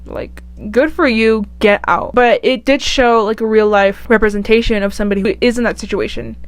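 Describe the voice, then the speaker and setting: A woman vlogger giving casual, chatty and animated commentary. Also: on the high side, a little fast, no echo. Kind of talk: casual tier-list commentary.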